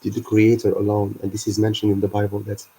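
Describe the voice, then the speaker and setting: A man hosting a livestream, explaining his ideas in an earnest, halting way. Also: lowish voice, completely flat delivery, warm tone, a little hiss or hum, rough recording. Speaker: livestream host.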